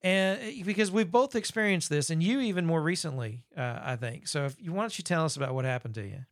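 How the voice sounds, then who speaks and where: A man co-hosts a podcast in a relaxed, folksy way. He rambles and leans on fillers. His voice sits a little high, and the sound is dry and close with no room echo. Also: fast talker. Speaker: podcast co-host. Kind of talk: casual podcast chat.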